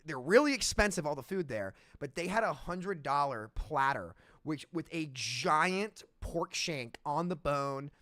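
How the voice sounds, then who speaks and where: Man, podcast host, casual chat, animated storyteller, slightly high voice, dry close headset sound. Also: unhurried, hardly any pauses, no echo. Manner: animated storytelling, stumbles and restarts.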